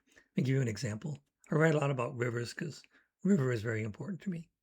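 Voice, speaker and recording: A man's voice: mid-range voice, animated, quick pace, a little mellow, breathy edge. A man explaining how he writes poems in a thoughtful, teaching manner, reading out short word examples. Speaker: poetry teacher. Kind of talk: educational talk.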